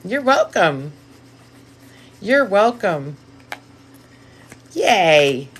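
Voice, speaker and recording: A woman with a raspy voice hosting a casual live stream, effusive and profane, giving blunt direct advice to viewers. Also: medium pitch, big pitch swings, extremely slow, slight background noise.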